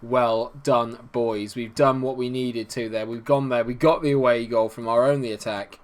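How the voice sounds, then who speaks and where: A young man commentating on his football management game, chatty and jokey and prone to excited bursts. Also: medium pitch, moderate pace. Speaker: gaming YouTuber.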